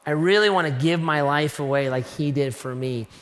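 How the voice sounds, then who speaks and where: Bright-voiced preacher man in a big echoing hall. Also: fairly high pitch, normal speed. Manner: animated, self-mocking storyteller. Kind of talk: storytelling sermon. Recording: long reverb of a large hall.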